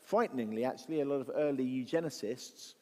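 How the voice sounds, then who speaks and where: A man's voice: mid-range voice, fast talker, mellow. A man speaking as guest speaker at a church event, giving a conversational, reflective talk with restarts and rhetorical questions. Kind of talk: apologetics talk to an audience. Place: church hall. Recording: long reverb of a large hall.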